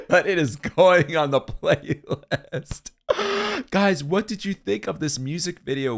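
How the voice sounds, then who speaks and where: A man's voice: mid-range voice, vocal fry. A man hosting a music video reaction, gushing and emotional, exclaiming and singing along, with faint music behind him.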